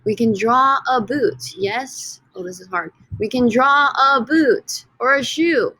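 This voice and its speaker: A woman teaching a recorded lesson from slides in an upbeat, teacherly way, often stretching words out slowly for emphasis. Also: on the high side, bright, forceful tone. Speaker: Spanish teacher.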